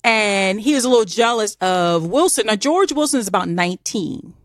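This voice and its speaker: A woman's voice: mid-range voice, normal speed, dry recording, clean studio sound. Chatty Southern woman telling a story. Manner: animated, chatty, many fillers. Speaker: podcast co-host. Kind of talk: casual storytelling chat.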